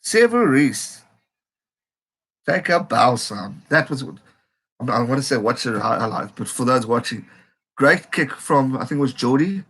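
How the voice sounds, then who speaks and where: A man from South Africa hosting a live rugby reaction stream, excitable and reading viewer comments aloud. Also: medium pitch, measured pace, slightly rough.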